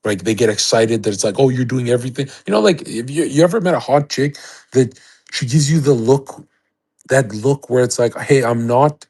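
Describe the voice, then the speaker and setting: Man, young adult, husky voice, livestream host, crude boastful rant. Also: mid-range voice, expressive, normal speed, a little mellow, rough recording. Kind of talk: casual rant to a live chat. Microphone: streaming setup.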